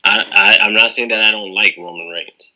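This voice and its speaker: A man's voice: fairly low pitch, steady tone, moderate pace, pushed and bright, low-quality recording. A man co-hosting a casual wrestling debate, emphatic and prone to repeating himself. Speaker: podcast co-host.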